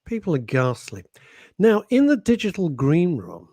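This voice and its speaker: Playful man, lively high voice. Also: dry recording. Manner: playful, teasing, quick asides and mock outrage. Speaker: radio show co-host. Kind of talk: casual banter, reading listener messages.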